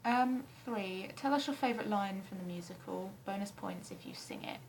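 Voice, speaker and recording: A young woman from England chatting casually to camera in her flat, rambling and self-deprecating with frequent ums and the odd swear word. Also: medium pitch, moderate pace, gravelly, background noise. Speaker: vlogger answering a tag questionnaire. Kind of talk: casual chat. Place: flat, indoors.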